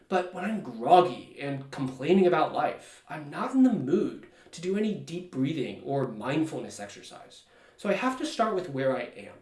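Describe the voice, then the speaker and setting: A middle-aged man, a stress and well-being coach, talking in a relaxed, conversational, self-deprecating way. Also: a little high. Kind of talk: calm personal talk to camera. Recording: echoey room, mic at a distance.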